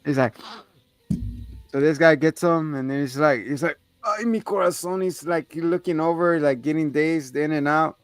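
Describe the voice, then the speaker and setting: Male podcast host with a higher voice, animated, swears, acts out the characters' lines, dry close sound with faint music under it. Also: moderate pace, smooth, dry recording. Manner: animated retelling, acting out characters' lines in a raised voice; swears freely. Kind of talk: casual movie recap chat.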